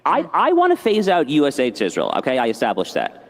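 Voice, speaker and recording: A man's voice: medium pitch, huge pitch swings, quick pace, fairly bright tone. A man in a live debate pressing his opponent with pointed questions. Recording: reverberant hall.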